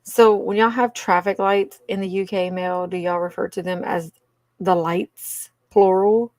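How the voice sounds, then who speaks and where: With a steady tone, a mid-range voice, and a slightly mellow quality, a woman with a Cajun accent chats casually at a normal speed with viewers on her livestream. She laughs often and calls them y'all, and the recording is dry.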